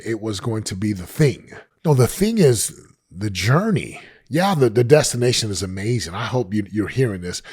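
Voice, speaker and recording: A man's voice: fairly low pitch, darkish tone, breathy edge. A man in his late forties giving an emphatic motivational talk to camera on his podcast, often repeating phrases for effect. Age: 40s. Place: podcast set.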